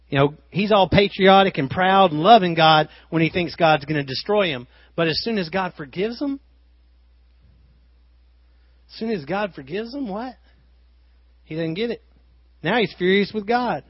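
A man preaching with a fairly high voice. He swings from loud, driven emphasis down to quiet, intimate asides. The sound is dry and a little dull. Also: moderate pace, long pauses, no echo. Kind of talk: sermon.

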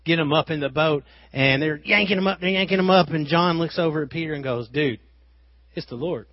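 A man preaching a sermon, swinging between loud emphasis and quiet asides. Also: on the high side, quick pace, no room sound, highs cut off.

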